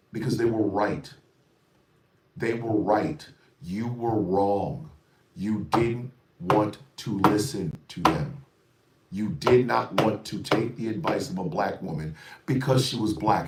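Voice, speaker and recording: A middle-aged man delivers a fiery, preachy radio monologue and drives his points home with repetition and swearing. His voice sits low. The sound is roomy, and he is some way off the mic. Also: far from the mic. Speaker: radio show host.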